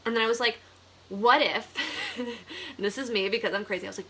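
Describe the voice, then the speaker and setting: A young woman from the Buffalo area telling a personal story in a casual vlog, chatty and animated, laughing often. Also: on the high side, quick pace, long pauses, breathy edge. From Buffalo, New York area. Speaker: vlogger, real estate agent.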